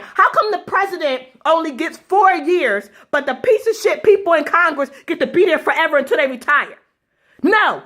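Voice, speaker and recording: A woman's voice: sits high, fairly bright tone. Heated, profane woman ranting to camera. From United States. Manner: heated, blunt and profane, speaking directly to viewers. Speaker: vlogger. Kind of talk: angry political rant to camera.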